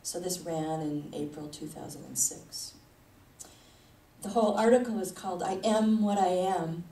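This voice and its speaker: A woman's voice: lowish voice, normal speed, dark tone. A woman spiritual leader giving a conversational sermon, chuckling often as she talks. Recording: echoey hall, mic at a distance, faint noise.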